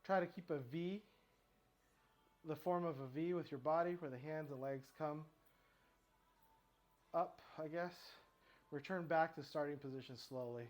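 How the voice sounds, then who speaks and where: Brief: slightly high-voiced man, winded, counting reps and rambling through a home workout. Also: unhurried, long pauses, darkish tone. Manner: counts reps aloud, rambling and self-correcting. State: out of breath. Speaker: fitness vlogger. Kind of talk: casual workout commentary. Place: home floor workout with his dog nearby.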